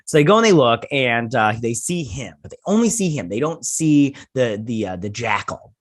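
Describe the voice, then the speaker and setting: A man's voice: mid-range voice, very animated, moderate pace. American male host, casual rambling reviewer, filler-heavy chat. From United States. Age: adult with children. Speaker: YouTube show host.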